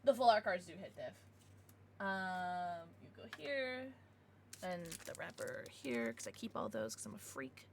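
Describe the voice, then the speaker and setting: A young woman streaming live, chatting casually as she opens trading cards, excitable and giggly with bursts of squealing. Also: lowish voice, measured pace, vocal fry, background noise. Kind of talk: casual livestream chat while opening cards.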